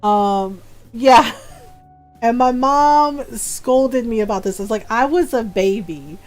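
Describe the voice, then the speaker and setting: A middle-aged woman from the Philippines, a gaming streamer telling stories in casual chat, animated and laughing often. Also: a little high, takes it slowly, faint music behind.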